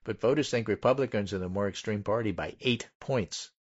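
A low-pitched man talks through political poll findings in a measured way and leans on each figure. The audio is dull and lo-fi. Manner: methodical, pauses to stress numbers. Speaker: political podcast host. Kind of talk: casual political chat, reading poll findings.

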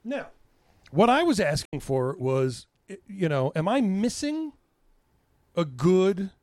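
A man's voice: sits high, sing-song, slow pace, darkish tone, dry recording, studio quality. A man co-hosting a podcast with his wife, joking and swearing freely in casual chat. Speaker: podcast co-host.

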